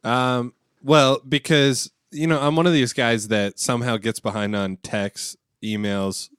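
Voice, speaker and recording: A man who is a pastor and podcast co-host, telling stories in a relaxed, rambling way. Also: medium pitch, a little slow, clean tone, dry recording, clean studio sound. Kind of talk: casual podcast chat.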